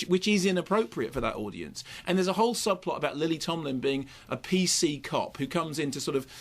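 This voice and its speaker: A middle-aged British man talks through a film review at high speed, digressing and restarting his sentences. His voice sits a little high, and he sounds opinionated and animated. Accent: British English. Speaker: film critic. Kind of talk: radio film review chat.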